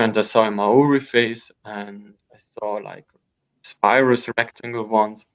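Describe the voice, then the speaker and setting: Gravelly man telling wild stories. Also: medium pitch. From Austria. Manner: rambling, animated storyteller with frequent restarts. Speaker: guest. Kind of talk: storytelling in an interview. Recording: dull lo-fi sound.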